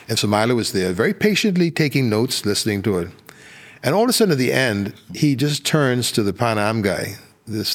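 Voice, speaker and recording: A man's voice: on the low side, breathy edge. An older man from the Bahamas with a Bahamian accent, telling anecdotes as a podcast guest, full of fillers and restarts. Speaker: guest, former politician. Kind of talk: podcast interview storytelling.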